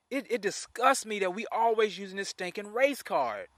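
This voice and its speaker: A man's voice: high voice, moderate pace, dry recording, clean studio sound. A man ranting his opinions in a vlog, indignant and repeating himself as he restarts phrases. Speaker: vlogger. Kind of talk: opinion rant to camera.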